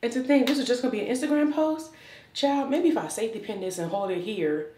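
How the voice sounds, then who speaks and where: A woman's voice: a little high, fast, mellow. A young woman vlogging a swimsuit try-on haul in sassy, exuberant casual chat. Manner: sassy, exuberant, says "child" often. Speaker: fashion vlogger. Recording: roomy, from a distance.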